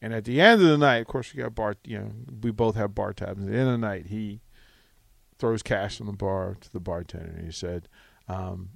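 A man hosting a radio talk show, telling a rambling, animated anecdote full of restarts, in a studio on a close mic. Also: lowish voice, brisk, creaky, no room sound. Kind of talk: casual radio storytelling.

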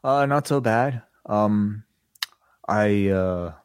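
Stammering low-voiced man co-host. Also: extremely slow, smooth, no echo, clean studio sound. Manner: stammering, hesitant. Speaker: co-host of wrestling podcast. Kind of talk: casual live chat.

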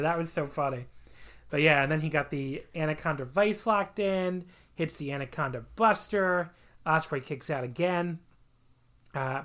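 A man's voice: fairly high pitch, a bit bright. A man hosting a podcast in casual chat, rambling and enthusiastic, laughing and swearing as he talks. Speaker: podcast host.

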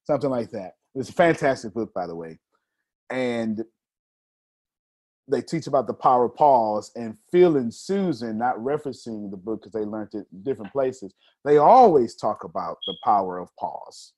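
A man, a professional speaker explaining his techniques to a group, talking deliberately with intentional pauses. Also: medium pitch, expressive, darkish tone.

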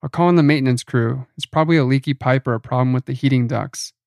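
A man's voice: medium pitch, fast talker, gravelly, darkish tone, no room sound, clean studio sound, close to an everyday voice. A man reading as a flustered front desk woman. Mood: rattled. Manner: flustered, placating. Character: rattled woman on hotel front desk phone.

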